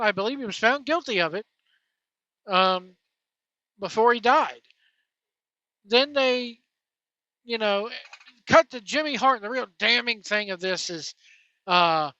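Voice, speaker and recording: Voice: medium pitch, bright, forceful tone, no echo, highs cut off. A podcast host giving a casual, opinionated and exasperated review of a wrestling documentary, rambling from point to point.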